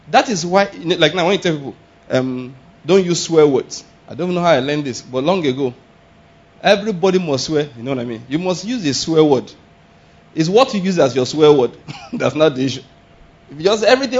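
A man preaching a sermon in an animated, laughing way, often acting out exclamations. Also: fairly high pitch, husky. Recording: dull lo-fi sound.

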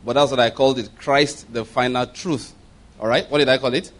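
A man's voice: mid-range voice, steady tone, brisk, fairly bright tone. A man preaching a sermon. He teaches, has the congregation repeat key phrases and piles up rhetorical questions. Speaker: pastor.

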